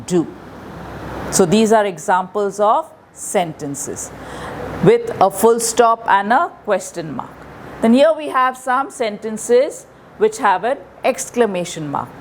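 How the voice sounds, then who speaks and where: A woman's voice: mid-range voice, slight background noise. A woman teaching a primary school English grammar lesson with an Indian English accent, patiently repeating the rules step by step. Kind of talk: slow classroom grammar lesson.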